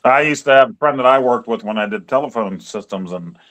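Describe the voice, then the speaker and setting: A man's voice: medium pitch, a little fast, fairly bright tone. A man from the Pittsburgh area co-hosting a casual chat show, chuckling often and tossing in dry one-liners. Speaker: co-host of a livestream chat show.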